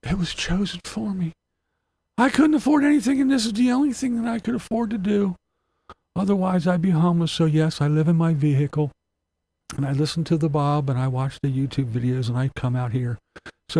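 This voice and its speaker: A whiny, self-pitying van dweller, as a man puts him on in a plaintive, sing-song parody, pitched well above his own gravelly voice. The mockery is broad and drawn out. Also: normal speed, dark tone.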